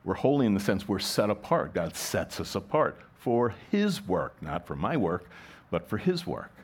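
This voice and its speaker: Preaching at normal speed, this middle-aged pastor's slightly low, somewhat rough voice swings widely in pitch. He addresses the congregation as if in conversation, posing questions, restarting lines and returning to his point.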